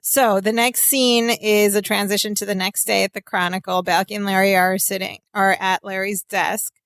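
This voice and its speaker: A woman's voice: mid-range voice, level tone, normal speed, a bit bright, dry recording. A woman co-hosting a rewatch podcast, chatting through sitcom scenes with lots of "like". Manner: chatty, narrates scenes with filler "like". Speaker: podcast co-host. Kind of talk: casual rewatch recap chat.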